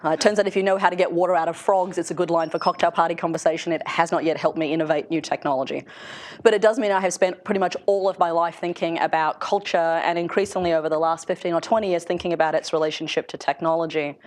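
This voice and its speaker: Lower-pitched woman giving a lecture. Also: fairly even intonation, fast talker. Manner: conversational, acts out dialogue, laughs between points. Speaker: seminar speaker, researcher in industry. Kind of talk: lecture to an audience. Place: lecture room with an audience.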